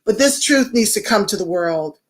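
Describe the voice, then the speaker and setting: A woman's voice: medium pitch, animated, moderate pace. A woman hosting a casual livestream, talking straight to viewers and greeting commenters by name. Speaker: livestream host.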